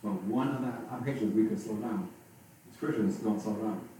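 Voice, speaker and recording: A man preaching a sermon as pastor, speaking haltingly and often restarting and repeating his words. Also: fairly low pitch, mellow. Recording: very echoey, from far off, faint noise.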